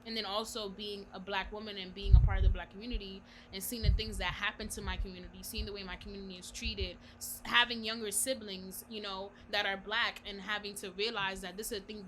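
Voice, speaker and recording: A woman's voice: medium pitch, steady tone, fast talker, hardly any pauses, noisy background. A woman co-hosting a podcast, talking in a candid, slangy and weary way. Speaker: podcast co-host. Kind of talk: casual podcast chat. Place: home, remote virtual recording.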